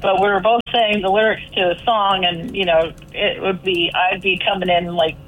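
A woman's voice: medium pitch, steady tone, moderate pace. A woman calling in to a radio show, chatting in a rambling, storytelling way. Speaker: caller. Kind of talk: casual phone chat. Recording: tinny phone line.

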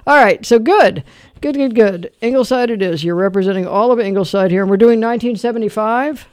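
A man hosting a call-in music quiz show on radio, telling stories and running the quiz with quick banter. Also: high-pitched, smooth, no echo. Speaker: radio host.

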